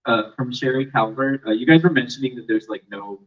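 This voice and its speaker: A man reading out audience questions at a live panel, speaking softly and hesitantly. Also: medium pitch, a little fast. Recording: distant, muffled live-stream audio.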